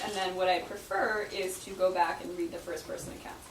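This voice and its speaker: A woman author answering audience questions in casual talk, chatty and quick to laugh, with many fillers. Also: fairly low pitch, steady tone. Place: book event room. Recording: echoey room, distant mic, noisy.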